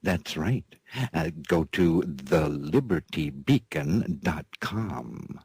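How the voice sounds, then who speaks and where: A man's voice: rumbling low, lively intonation, slow, a little mellow, husky, no echo. A man hosting his own show in a playful cowboy-style comic monologue, drawling and often repeating himself with a chuckle. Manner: drawling, repeats "that's right", chuckles between phrases; playful cowboy-style banter with an off-mic partner. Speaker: host of a news and commentary show.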